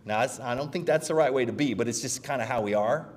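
A middle-aged man preaching a sermon as pastor, conversational and animated, often checking in with "right?". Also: medium pitch, fast, big-room sound.

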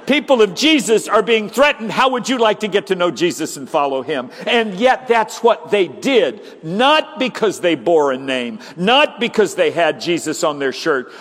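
A pastor delivers an animated sermon, swinging between loud, high exclamations and hushed, low passages. The recording has a big-room sound.

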